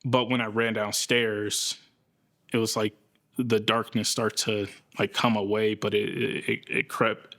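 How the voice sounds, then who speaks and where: A man speaks in a documentary interview, slow and halting, often pausing to find the right word. His voice sits low and his pace is unhurried. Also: level tone, sharp tone. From United States. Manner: slow, halting, searching for words. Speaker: interviewee recounting a psychosis episode.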